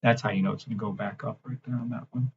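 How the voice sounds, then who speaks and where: A man hosting a trading livestream, ranting in a brash, mocking, profane way and swinging between loud outbursts and low mumbling. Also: fairly even intonation, quick pace, highs cut off, noisy background. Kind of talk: live-stream rant and chart reading.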